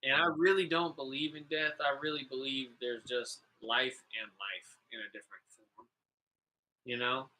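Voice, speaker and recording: A man's voice: medium pitch, fairly even intonation, normal speed, bright, forceful tone, low-quality recording. A man hosting a podcast, telling stories in a loose, casual way, swearing freely and filling his talk with "like" and "you know". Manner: laid-back, profane, calls people "bro"; rambling, full of "like" and "you know". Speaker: podcast host. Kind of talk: casual storytelling chat.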